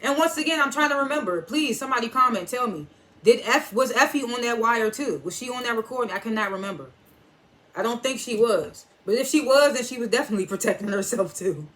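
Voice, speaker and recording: A woman's voice: on the high side, animated, quick pace, a bit bright. A woman giving a casual, blunt TV episode recap, laughing often and adding loose asides. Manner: laughs often while retelling scenes; blunt and profane. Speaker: TV episode reviewer.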